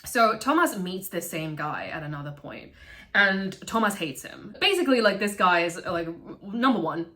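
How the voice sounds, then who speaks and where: A woman vlogger reviews a film in a casual, animated way, laughing often and swearing freely. Her voice is fairly low yet bright and forceful.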